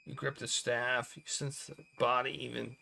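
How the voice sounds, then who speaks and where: A man's voice: mid-range voice, little pitch movement, moderate pace, creaky, pushed and bright, slight background noise. A man reading a game's story text aloud as a let's play host, with dramatic voiced reactions.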